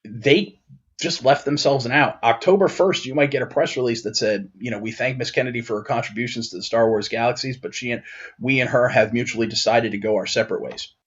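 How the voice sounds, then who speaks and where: A man co-hosting a pop-culture podcast in casual chat, rambling with lots of restarts and fillers and getting excited when riled. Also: medium pitch, fairly quick, husky, lo-fi sound. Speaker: podcast co-host.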